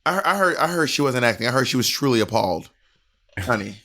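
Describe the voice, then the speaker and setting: A man's voice: medium pitch, expressive, bright, forceful tone. A man with a Southern American accent, co-hosting a casual chat, sassy and teasing. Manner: sassy, teasing, quick asides. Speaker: podcast co-host.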